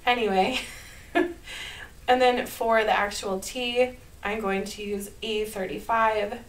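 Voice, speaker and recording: A woman with a Minnesota accent, talking through a card-making tutorial in a chatty, upbeat way and laughing softly at herself. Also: mid-range voice, fairly even intonation, unhurried, low-quality recording. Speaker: card-making channel host. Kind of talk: casual craft tutorial voice-over.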